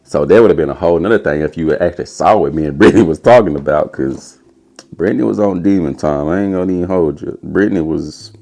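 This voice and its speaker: A young man telling a casual, animated story as a podcast host, putting on a high voice for quotes. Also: quick pace, gravelly.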